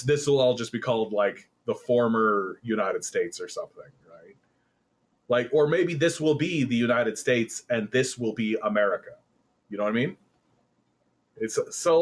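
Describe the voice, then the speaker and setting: A man from Canada talks through politics in a loose, rambling way, piling up fillers and restarts. He breaks into sarcastic jeers and curses now and then. His pitch sits in a middle range for a man. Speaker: political commentary host. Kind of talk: casual political commentary.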